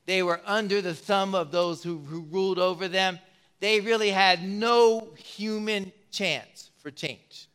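A pastor preaches a sermon in a high-pitched voice that is sharp, clear, and resonant. He is emphatic, repeating words as he builds his points and acting out quoted voices.

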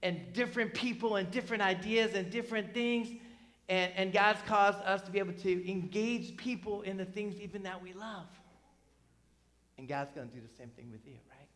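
A middle-aged man from New Jersey preaching a sermon in a conversational, animated way, full of asides and tag questions. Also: high voice, moderate pace. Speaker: pastor.

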